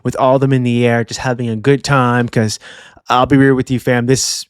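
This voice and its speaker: A young man hosting a casual manga review channel, animated and slangy, doing voices for characters. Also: medium pitch, normal speed, clean tone, no room sound, studio quality. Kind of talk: casual video commentary.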